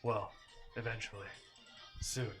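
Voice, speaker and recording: A man playing a masked man searching for his lost brother in a tabletop role-play, speaking in a measured, hesitant way. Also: lowish voice, level tone, over music, close to an everyday voice. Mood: earnest.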